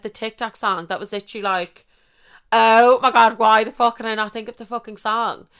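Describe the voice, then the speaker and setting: A woman's voice: fairly high pitch, fairly even intonation, a little fast, a bit bright, clear, resonant tone. A young Irish woman in her twenties telling a rambling story in a casual monologue, swearing freely and interrupting herself.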